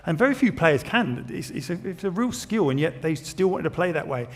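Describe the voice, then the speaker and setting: A man's voice: a little high, big pitch swings, fairly quick, in a large hall. A man who once coached, talking football in a thoughtful, questioning way. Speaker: pundit, former coach. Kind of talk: casual football chat.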